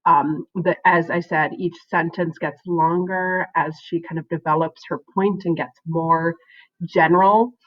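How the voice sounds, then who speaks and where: A woman's voice: fairly low pitch, fairly even intonation, unhurried, dull audio. A woman teacher giving a recorded writing lesson to her class, encouraging and often checking in with "right?" between points.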